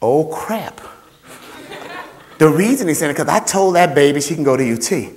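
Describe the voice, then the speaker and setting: A man giving an animated motivational talk to students about finding scholarships, playful and repetitive, acting out voices and sounds. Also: on the high side, quick pace, a faint crowd. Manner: playful, repeats phrases, acts out voices and sounds. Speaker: scholarship workshop speaker.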